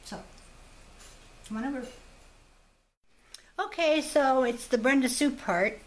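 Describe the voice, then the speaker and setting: This woman's voice sits high and she takes her time, telling stories and chatting casually with viewers of her jewelry-making channel, quick to laugh. As a designer recording in her home shop, she's heard through a distant mic in an echoey room with slight background noise.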